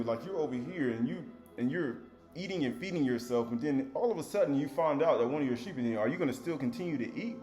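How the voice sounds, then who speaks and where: A man's voice: medium pitch, a little mellow, echoey room. A man preaching a Sabbath sermon in a loose, conversational way, rising to emphatic readings of scripture.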